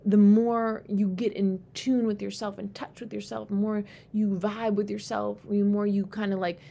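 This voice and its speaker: A woman hosting a solo podcast, talking candidly and rambling, swearing freely and getting animated when she quotes herself. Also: moderate pace, vocal fry. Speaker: podcast host. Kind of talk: casual solo podcast monologue. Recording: faint background rumble.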